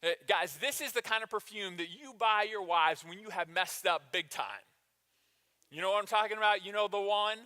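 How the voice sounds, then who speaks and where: A high-voiced man gives a lively sermon in a church hall, with a bright, forceful tone. He jokes with the congregation and briefly acts out the people in the story. The hall adds a long, ringing reverb. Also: moderate pace. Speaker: pastor.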